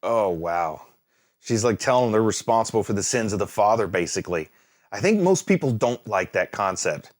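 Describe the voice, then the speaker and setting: An anime reaction host speaks on the low side with lively intonation and a moderate pace. He banters casually, laughs and exclaims at the screen, and ends up reasoning through his thoughts out loud.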